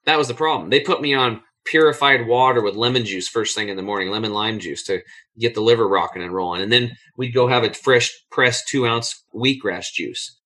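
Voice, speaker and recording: A man with a bright, forceful tone, a podcast guest spinning a lively personal story. He talks casually and bluntly, swears now and then, and jumps up in pitch to act out what other people said. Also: brisk. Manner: acts out others' lines in a raised voice. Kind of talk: animated storytelling in a conversation.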